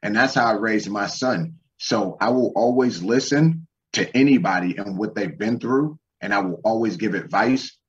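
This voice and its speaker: A man's voice: lowish voice, moderate pace, few pauses, distant mic, dull audio. A man hosting a casual talk show, ranting in a profane, fired-up motivational way. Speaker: podcast host. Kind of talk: casual chat.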